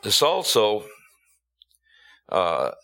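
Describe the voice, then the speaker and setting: Slow, low-voiced man preaching a sermon. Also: huge pitch swings, bright, forceful tone. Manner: slow, emphatic, rhetorical questions, drawn-out stressed words.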